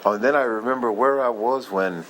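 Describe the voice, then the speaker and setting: A man casually reminiscing in a heartfelt, rambling way, often halting and losing his thread. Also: mid-range voice, a bit bright, slight background noise, rough recording. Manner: heartfelt, moved by the memory. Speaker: vlogger sharing memories.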